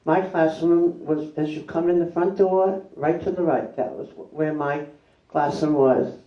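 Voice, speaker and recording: An older woman, a retired third-grade teacher, recalling her school days in a plain, unhurried way. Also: deep voice, fairly even intonation. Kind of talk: reminiscing talk at a public event. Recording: distant, roomy and slightly dull.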